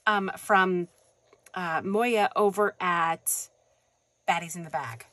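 Unboxing happy mail on her vlog, a woman chats in an excitable, gushing way, gasping frequently and tossing affectionate asides to viewers, whom she calls "hon" and "you guys." She has a medium-pitched voice and a measured pace.

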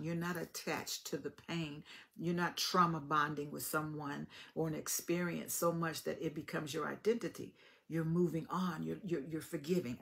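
A woman's voice: low voice, gravelly. A woman motivational speaker and life coach, talking emphatically with repeated phrases and acting out what people say. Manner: emphatic, repetitive phrasing, acts out quoted voices. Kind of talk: motivational talk.

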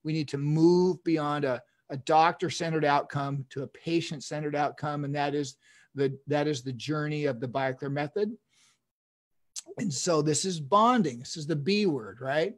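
A man's voice: on the high side, normal speed. A man in his fifties, a dentist giving an online lecture, telling stories enthusiastically with chuckles and restarts.

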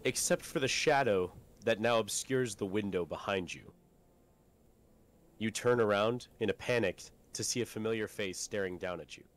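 A man narrating as game master of a tabletop role-playing game, calm and measured. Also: fairly low pitch.

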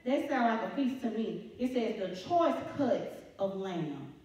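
A woman's voice: medium pitch, sing-song, a little slow, dark tone. A woman church elder preaching a sermon. She repeats her phrases and asks the congregation questions. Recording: very echoey church hall, distant mic, dull sound.

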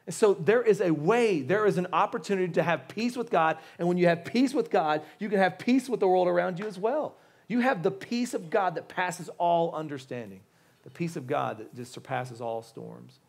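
Man, pastor, sermon, fairly high pitch, conversational, stammering restarts, pleading, joking asides. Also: normal speed. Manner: casual slang, joking asides.

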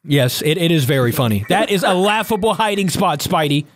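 A gaming reaction host who exclaims excitedly at the action on screen. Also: mid-range voice, fairly quick. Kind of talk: reaction video commentary.

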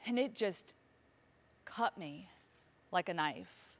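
A woman's voice: lowish voice, animated, takes it slowly, long pauses. A woman in her thirties, a motivational speaker, telling a personal story on stage with vivid, emotional delivery and acted-out dialogue. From Virginia, US.

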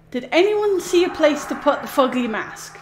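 A woman's voice: high voice, sing-song, a little slow, noisy background. A young woman, chatting casually as she streams a game, jumpy and easily spooked, laughing often. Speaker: gaming streamer. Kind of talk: casual let's play commentary.

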